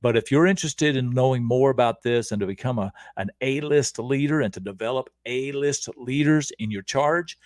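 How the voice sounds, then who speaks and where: A man's voice: mid-range voice, normal speed, few pauses, no room sound. A middle-aged man hosting a casual livestream, energetically coaching viewers on leadership and often checking in with "okay?". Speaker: leadership coach and show host.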